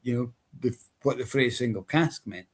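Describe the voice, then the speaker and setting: A man's voice: medium pitch, moderate pace. A man co-hosting a casual live-stream chat, rambling with many hesitations. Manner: rambling, hesitant, lots of ums. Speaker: whisky shop co-host.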